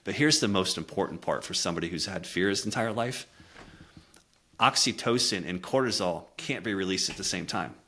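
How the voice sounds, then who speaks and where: A middle-aged communication coach with a low-sitting voice tells a candid personal story at a brisk clip, with slight background noise. He speaks earnestly and reflectively, going quiet when emotions surface.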